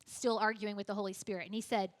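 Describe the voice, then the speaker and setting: A woman speaking at a church, telling a story in a lively way and acting out the dialogue. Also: mid-range voice, fast, long reverb tail. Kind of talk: storytelling sermon.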